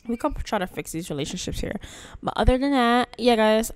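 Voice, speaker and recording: Smooth-voiced woman chatting over gameplay. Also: on the high side, lively intonation, fairly quick. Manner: chatty and playful, with slangy asides. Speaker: gaming channel host. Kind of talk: casual gameplay commentary.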